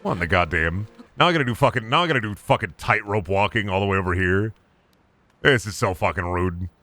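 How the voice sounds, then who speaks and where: A young adult man streaming a game, joking and swearing, with sudden loud bursts. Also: on the low side, brisk, no echo. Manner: lively, swearing, jokey, shouts in bursts. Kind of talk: gameplay commentary.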